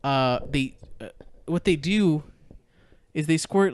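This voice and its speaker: A man co-hosting a podcast, casually retelling a movie plot in a rambling, animated way with fillers and quoted voices. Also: fairly high pitch, a little slow, smooth, no room sound. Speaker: podcast co-host. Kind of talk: casual movie recap chat.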